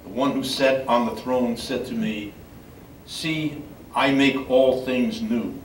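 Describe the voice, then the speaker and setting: An older man, a priest, reading scripture in a measured, solemn way at a memorial service. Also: medium pitch, steady tone. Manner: measured solemn reading, halting when speaking freely. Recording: echoey room from far off, faint background noise.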